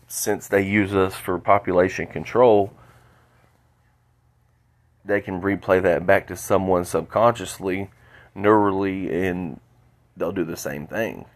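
A man with a low, heavy voice talks slowly through a solo podcast. He sounds stuffy from a cold and often stops to repeat a word before going on. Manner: halting, repeats words, rambling. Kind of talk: solo monologue.

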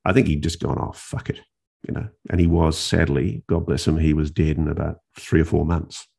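Gravelly, deep-voiced male journalist. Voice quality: gravelly, husky. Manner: animated, with restarts and dramatic pauses. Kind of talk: storytelling in an interview.

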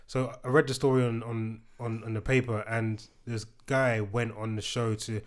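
A man chatting casually, with a voice of middling pitch for a man. He recounts events in a loose conversational way, pausing on fillers and repeating words. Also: little pitch movement. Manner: conversational storytelling with hesitations. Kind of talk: casual chat.

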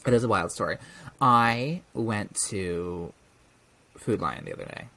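A young man co-hosting a podcast tells a story in casual conversation, his voice lowish, gravelly, and measured in pace. He's an animated storyteller who acts out the voices of the people he quotes.

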